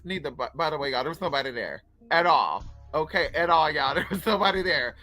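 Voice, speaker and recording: A woman's voice: deep voice, expressive, quick pace, hardly any pauses, pushed and bright, dry recording, faint music behind. A woman telling stories straight to her viewers in a casual, profane vlog, as a spiritual coach who runs online classes.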